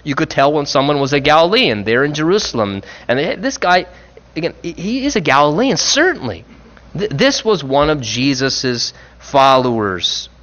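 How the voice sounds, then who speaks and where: A man preaching a sermon in an earnest, reflective way, pressing on key phrases and slowing them down. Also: on the high side, sing-song, a bit bright, dull audio.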